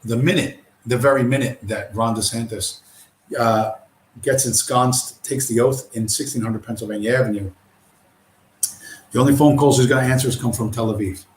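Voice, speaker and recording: A man's voice: medium pitch, steady tone, normal speed. A man hosting a livestream, talking in a long profane rant full of restarts and asides. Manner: profane, rambling, repeats "you know what I mean". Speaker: livestream host. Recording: roomy echo.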